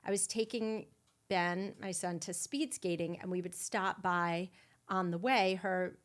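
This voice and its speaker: Middle-aged female host, slightly low-pitched; candid, emotional storyteller with a blunt, profane edge. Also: steady tone, unhurried. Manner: raw, emotional, blunt with swearing and dark humor. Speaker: podcast host.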